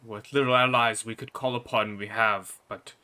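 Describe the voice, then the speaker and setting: A man voicing an aging, stern king who is quick to rage, with a grave, heavy way of speaking. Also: medium pitch, fairly even intonation, sharp tone, clean tone.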